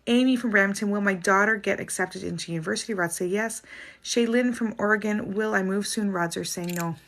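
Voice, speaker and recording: A Canadian woman reading viewer questions on a livestream and giving quick answers, with soft apologetic asides. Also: medium pitch. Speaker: spiritual reader doing live dowsing rod answers.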